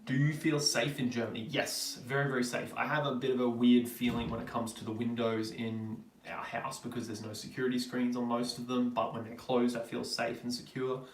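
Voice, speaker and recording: A man's voice: mid-range voice, little pitch movement, a little fast, few pauses, echoey room, recorded from a distance. An Australian man hosting a casual live Q&A stream, reading viewer questions aloud and rambling through his answers with lots of ums. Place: home in Germany.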